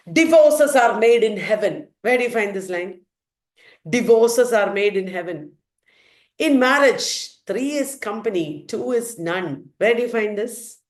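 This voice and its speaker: A woman with an Indian English accent teaching literature, playfully quizzing her students and answering her own questions. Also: medium pitch. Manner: playful, asks questions and answers them herself. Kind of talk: quizzing students in a revision lecture.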